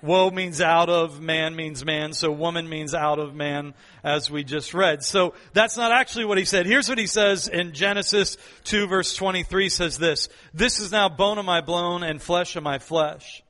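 A man's voice: fairly high pitch, moderate pace, hardly any pauses, sharp tone. A man preaching a sermon as pastor, emphatic and repeating his key phrases, with playful asides.

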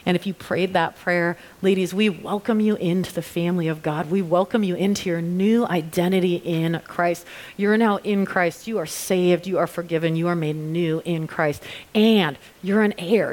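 A woman's voice: fairly low pitch, a little mellow. A woman preacher giving an earnest altar call and prayer to a church gathering. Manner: earnest, slow deliberate reading at times. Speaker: women's ministry preacher. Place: church with online viewers.

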